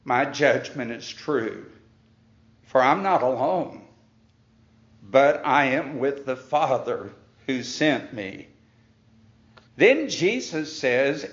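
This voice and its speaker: A man teaches from the Bible in a slow, deliberate preacher's cadence. He reads passages aloud and then unpacks them, leaning on key words for emphasis. The sound is dull and muffled, with a roomy echo around it. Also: medium pitch, very animated. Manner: reads scripture aloud, then explains it point by point; leans hard on key words. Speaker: pastor.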